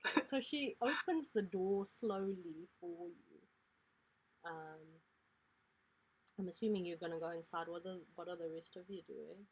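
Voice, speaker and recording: Husky woman game master, rambling narration, muffled lo-fi sound. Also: lowish voice, a little slow. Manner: rambling, filler-heavy.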